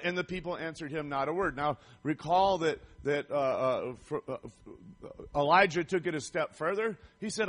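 A man delivers a fervent sermon in a notably high voice. He reads scripture aloud and breaks into asides to the congregation, climbing to shouted praise. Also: moderate pace. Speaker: preacher.

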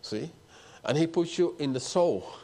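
A man preaching a sermon with fervent, emphatic delivery, swinging between raised and hushed passages. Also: on the high side, animated, unhurried.

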